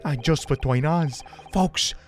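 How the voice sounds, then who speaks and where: A man's voice: fairly high pitch, slow pace, a little hiss or hum. A man voicing a chatty, gossipy male street vendor witness in a folksy manner. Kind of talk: game voice-acting.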